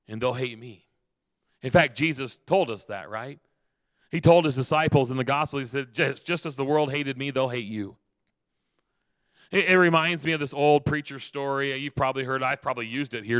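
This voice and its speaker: A man's voice: medium pitch, fairly bright tone, dry recording. Earnest man preaching a sermon. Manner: earnest, repeats phrases, slows for emphasis. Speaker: pastor.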